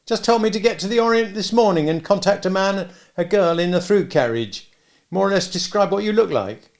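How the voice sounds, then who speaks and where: A blustery middle-aged British army man, as a male audiobook narrator puts him on, talks in a chummy, hearty rush with a faint, odd brogue. The voice sits well above the reader's own and comes out loud, with a gravelly edge underneath. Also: high voice, expressive, fairly quick, pitched above the performer's own voice. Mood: bluff. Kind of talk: audiobook character voice.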